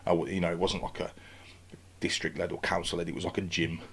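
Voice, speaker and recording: A man's voice: low-pitched, little pitch movement, fast talker, creaky, a bit bright, a little hiss or hum. A man talking as a guest on a casual podcast. He tells his story with energy, swearing freely and acting out his own past thoughts.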